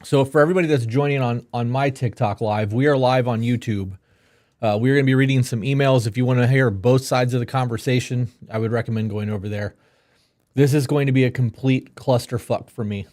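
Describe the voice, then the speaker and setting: A man's voice: medium pitch, steady tone, fairly quick, a little mellow. A young man co-hosting a casual live stream, laid-back and blunt, swearing now and then. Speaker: podcast co-host.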